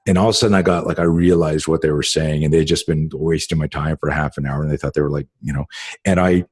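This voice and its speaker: A man's voice: rumbling low, fairly even intonation, fast, darkish tone, husky, dry recording. A middle-aged man in casual conversation as a podcast host, rambling through stories with lots of fillers and swearing.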